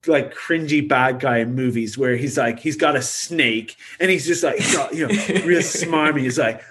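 Animated rambling man, casual podcast chat. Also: medium pitch, moderate pace, hardly any pauses, a little hiss or hum. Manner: animated, rambling, lots of fillers. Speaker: podcast co-host.

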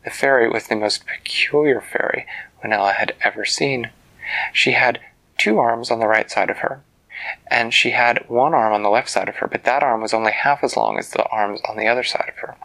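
Gravelly guy making up a bedtime story, soft and slow, sometimes half whispering. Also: mid-range voice. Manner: slow, musing, often drops to a whisper.

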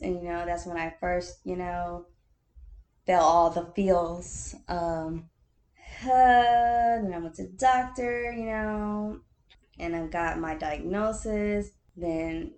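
A woman with a slightly low voice hosts her own podcast, talking alone in a loose, candid way. She laughs often, repeats phrases for emphasis and calls the listener honey or baby. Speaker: podcast host. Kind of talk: casual solo podcast talk.

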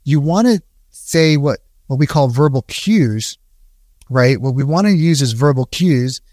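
A man coaching salespeople in a relaxed, conversational way, with a mid-range voice. He keeps checking in with "right?" and now and then slips into short sample calls. The sound is dry and close, with little room echo. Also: medium pitch, a little slow. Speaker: sales trainer. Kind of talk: casual coaching talk.

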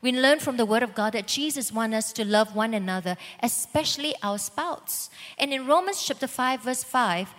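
A woman pastor preaches in a calm, explanatory way and reads scripture aloud, her voice sitting slightly high. A long church-hall reverb surrounds her words. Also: moderate pace, few pauses. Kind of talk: sermon.

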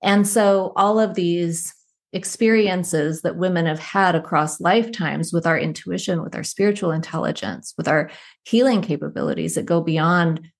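A psychologist appearing as a guest on an interview show speaks in a notably low, creaky female voice. She tells stories thoughtfully and unhurriedly, easing from one point to the next in a conversational way.

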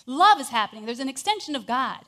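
A woman with a high voice telling an inspirational story in a sermon. She is animated and swings between hushed moments and loud ones. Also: quick pace. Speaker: speaker.

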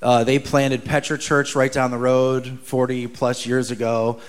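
A man from New Jersey preaching as a guest, telling funny stories with animated, joking energy. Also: mid-range voice, unhurried. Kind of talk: sermon with humorous storytelling.

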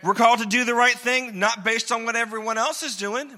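A man preaches a sermon in a very bright, high voice. His delivery is casual and joking, and he drives points home by repeating them. The sound lingers in a large reverberant church hall. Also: quick pace. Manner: conversational, joking, emphatic repetition. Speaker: pastor.

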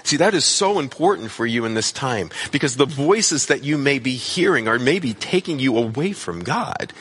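A man delivers a sermon in an earnest, emphatic way, stacking repeated phrases as he builds each point. His voice is slightly husky and his pitch rises and falls freely. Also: animated, moderate pace, a bit bright. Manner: earnest preaching with emphatic repetition. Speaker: pastor.

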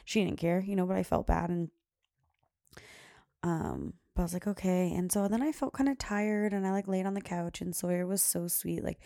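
Gravelly low-voiced woman telling a story. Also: normal speed, dark tone, dry recording, studio quality. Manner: rambling, many "like" fillers, quotes herself. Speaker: podcast host. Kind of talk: casual storytelling monologue.

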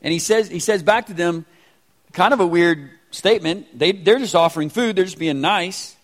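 A pastor in his forties who preaches a sermon in a casual, animated way with slangy asides. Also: high-pitched, moderate pace. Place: church sanctuary. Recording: reverberant church hall.

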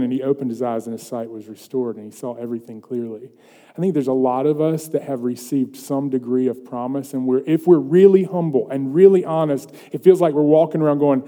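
A man preaching a sermon, earnest, moving between loud emphatic passages and quiet, hushed ones. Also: a little high. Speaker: pastor. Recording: long hall reverb.

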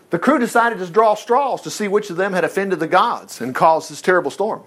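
A man preaching a sermon in an animated, emphatic way, with joking asides and chuckles. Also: sits high, moderate pace.

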